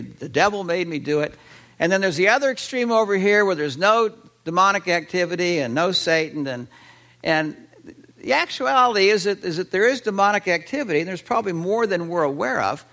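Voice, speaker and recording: A man preaching a sermon, animated, with fillers and restarts. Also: high voice, gravelly. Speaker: pastor.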